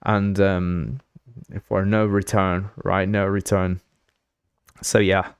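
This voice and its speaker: A young man from Uruguay, hosting a game engine livestream in a rambling, excitable chat full of fillers. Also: deep voice, takes it slowly, smooth, no echo, studio quality. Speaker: livestream host.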